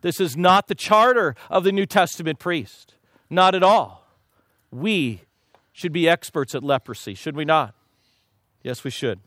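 A man's voice: fairly high pitch, unhurried, a bit bright, no echo, clean studio sound. A man preaching a sermon to his congregation in a conversational manner, acting out scenes. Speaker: pastor.

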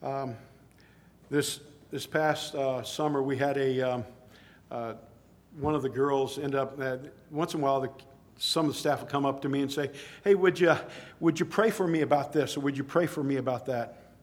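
A man's voice: medium pitch, steady tone, moderate pace. Conversational man preaching a sermon. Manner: conversational, rising to emphatic exclamations.

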